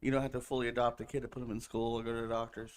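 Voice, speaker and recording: A man co-hosts a loose talk show, cracking jokes and retelling scenes from shows and news. He swears casually and keeps the chat moving with quick asides. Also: mid-range voice, little pitch movement, clear, resonant tone. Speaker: podcast co-host.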